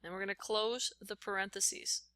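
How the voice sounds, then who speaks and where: Woman, teacher, screencast lesson, step-by-step explaining, bright tone, dry close mic. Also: mid-range voice, steady tone, moderate pace, clear, resonant tone, no room sound. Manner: step-by-step, talks while typing.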